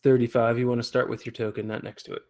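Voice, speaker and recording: A man running a tabletop game as game master, giving relaxed rulings with a dry chuckle. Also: mid-range voice, racing.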